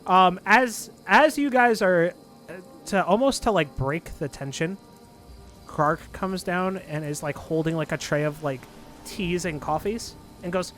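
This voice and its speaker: A man's voice: high voice, unhurried, fairly bright tone, soft background music. A man narrating a tabletop game as dungeon master, in loose narration full of fillers.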